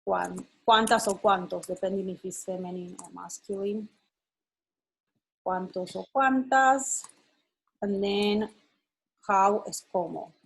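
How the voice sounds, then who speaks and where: A woman's voice: mid-range voice, steady tone, slow pace, gravelly, pauses often, slightly rough, low-quality recording. A woman teaching an online lesson, explaining patiently and checking that her student follows. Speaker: Spanish teacher.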